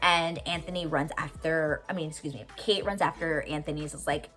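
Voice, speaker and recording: Low-voiced excitable young woman. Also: fairly quick, few pauses, soft background music. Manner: excitable, gushing, swears freely, many "like"s. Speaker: TV reaction vlogger. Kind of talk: casual episode recap.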